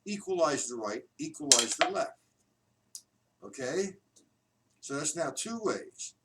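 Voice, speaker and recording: A man giving a live-streamed drum lesson, taking his time as he counts beats aloud and walks through each exercise. He sits well back from the mic, and loud noise runs under his voice. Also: on the high side, expressive, far from the mic. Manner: slow, patient counting aloud, demonstrating rhythms. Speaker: drum teacher.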